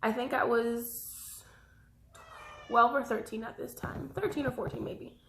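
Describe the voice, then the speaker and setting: A woman's voice: a little high, fairly even intonation, measured pace, creaky, reverberant, background noise. A young woman telling her own story in a personal vlog. She rambles, jumps between thoughts and keeps apologizing for losing her thread. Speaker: vlogger.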